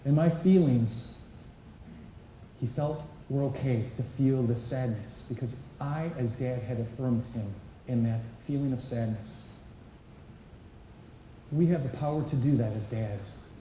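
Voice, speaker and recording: A man's voice: mid-range voice, unhurried, pauses often, mellow, slight background noise. A man giving an inspirational talk at a conference, engaging the audience with questions and acting out quotes. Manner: engaging, asks the crowd questions and acts out quotes. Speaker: conference speaker. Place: large conference hall. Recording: echoey hall, voice picked up from a distance.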